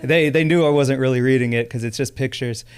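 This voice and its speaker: A man in his thirties from Chicago performing a stand-up comedy set on a comedy club stage, animated and laughing through his lines. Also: medium pitch, fairly quick, noisy background.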